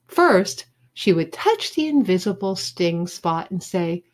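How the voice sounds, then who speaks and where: Slow, expressive woman reading a children's book. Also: lowish voice. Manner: expressive storytelling. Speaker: teacher reading aloud. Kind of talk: children's book read-aloud.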